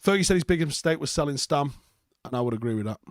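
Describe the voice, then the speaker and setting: A man's voice: fairly high pitch, lively intonation, rapid-fire, no echo, studio quality. Blunt, sweary man. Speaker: football reaction streamer. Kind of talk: live post-match chat reading viewer comments.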